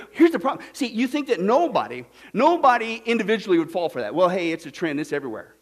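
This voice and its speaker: Guy preaching a sermon, kinda high voice, swings up and down a lot, sarcastic. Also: very animated, fast talker, hardly any pauses. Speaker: pastor.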